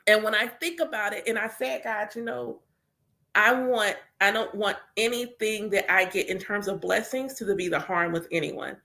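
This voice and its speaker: Sharp in tone but mid-range in pitch, a woman speaks at an ordinary pace about her work as a spiritual reader and teacher. Her manner is open and chatty, thick with filler "like," and she acts out the prayers she says.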